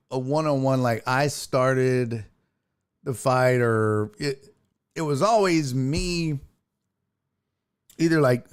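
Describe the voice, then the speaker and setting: Profane, animated male stream host. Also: mid-range voice. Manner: profane, animated storytelling, reads chat aloud. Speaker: sports talk show host. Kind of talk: casual livestream chat. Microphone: headphones and desk mic.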